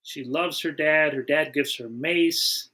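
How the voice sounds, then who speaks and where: A man's voice: fairly high pitch, slow pace, bright, forceful tone. A man hosting a casual movie podcast, fondly retelling scenes in a rambling way. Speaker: podcast host. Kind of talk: casual film chat.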